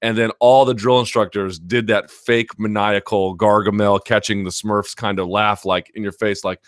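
A man's voice: lowish voice, normal speed, no echo, studio quality. A male host of a live chat show, telling a long story casually with many fillers and restarts.

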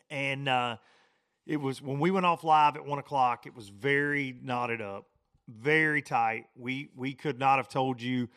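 A man, hosting a podcast and telling a fishing tournament story in a lively, rambling way. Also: a little high. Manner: animated storytelling, frequent restarts and repeats. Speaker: podcast host. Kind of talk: casual podcast monologue.

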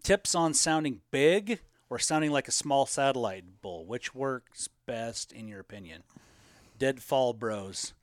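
A man answers viewer questions in a loose, easygoing chat, often pausing on fillers as he thinks aloud. His voice sits at an ordinary middle pitch. The sound is dry, with no room echo. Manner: relaxed and rambling, with many fillers. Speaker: elk hunting co-host answering viewer questions. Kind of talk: casual live Q&A chat.

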